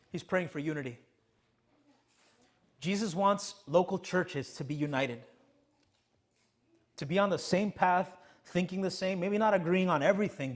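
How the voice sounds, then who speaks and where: In a church sanctuary, a young male pastor preaches a sermon in a slightly high voice. He drives his points home with repeated rhetorical questions that he answers himself.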